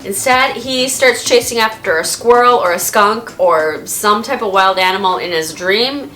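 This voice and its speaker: A woman vlogger and dog owner telling stories casually to the camera in a chatty, animated way, laughing often. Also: mid-range voice, moderate pace, faint music behind.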